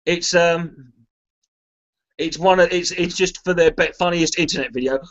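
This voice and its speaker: Sweary comedian rambling over a muffled webcam. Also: male voice, fairly high pitch, normal speed, fairly bright tone. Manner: sweary, self-mocking, reads chat aloud. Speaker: comedian hosting a charity livestream. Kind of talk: casual rambling livestream chat.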